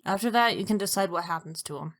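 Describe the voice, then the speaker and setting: A woman voicing a gentle, practical mare who speaks softly and reasonably in a fan audio drama. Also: mid-range voice, quick pace, natural voice.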